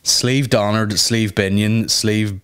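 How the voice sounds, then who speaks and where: A man's voice: steady tone, slow pace, a bit bright, clean tone. Sweary man telling stories. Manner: sweary storytelling, jumps into high mock voices. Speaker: podcast host. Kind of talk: casual comedic monologue.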